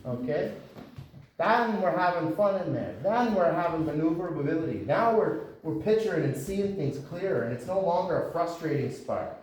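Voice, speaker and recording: Blunt boxing coach, echoey gym. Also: male voice, on the high side, expressive, normal speed, darkish tone, distant mic. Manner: blunt, lecturing. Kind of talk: coaching talk to boxers.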